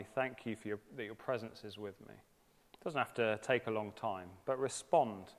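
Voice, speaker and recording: A man in his thirties delivers a conversational sermon at a mid-range pitch, earnest and lightly humorous. His voice rings out in a large hall and carries a long reverb. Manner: earnest, conversational, with gentle humour. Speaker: preacher.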